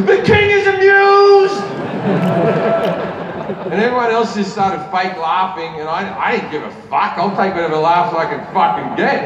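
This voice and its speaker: A man with an Australian accent doing stand-up, telling a story full of swearing and jumping into big voices for the people in it. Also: noisy background. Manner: swearing, acts out characters in big pitch jumps. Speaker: stand-up comedian. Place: large arena stage. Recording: roomy arena with live crowd, mic heard from far. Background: audience laughter.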